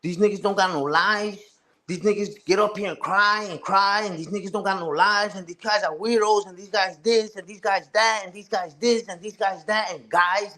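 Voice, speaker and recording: A man's voice: high voice, fairly even intonation, normal speed, bright, forceful tone. A man ranting casually and profanely on a live stream, repeating himself and asking "you heard?" again and again.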